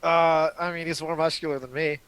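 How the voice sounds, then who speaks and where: A man's voice: on the high side, level tone, fairly quick, fairly bright tone, clear, resonant tone. A man narrating his characters at a tabletop game, rambling with many restarts. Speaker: player.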